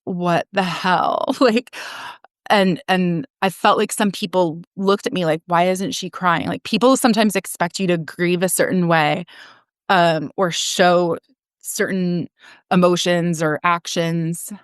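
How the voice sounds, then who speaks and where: A woman's voice: fairly low pitch, steady tone, measured pace, clean tone, no room sound, clean studio sound. A woman in her forties, a podcast guest telling her own story frankly, with frequent laughs and casual swearing. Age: 40s. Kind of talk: candid personal storytelling.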